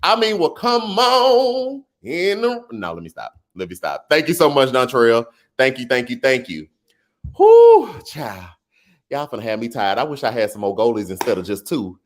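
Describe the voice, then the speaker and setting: Livestream host, man, lively swooping delivery, playful banter. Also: mid-range voice, normal speed. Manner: animated, playful, church-style joking with viewers. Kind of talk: casual livestream chat reading comments.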